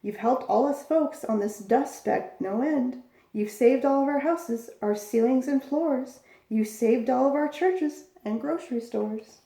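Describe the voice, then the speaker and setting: A woman's voice: sits high, unhurried, warm tone. A woman voicing a tiny male mayor who speaks politely and gratefully. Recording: echoey room.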